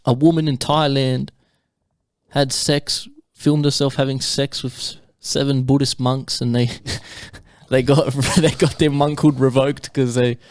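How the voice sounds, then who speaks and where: A man's voice: medium pitch, flat delivery, unhurried, no room sound, clean studio sound. A man co-hosting a podcast, chatting casually, swearing often and ranting about the news. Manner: swearing, exasperated rants. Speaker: podcast co-host. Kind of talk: casual chat.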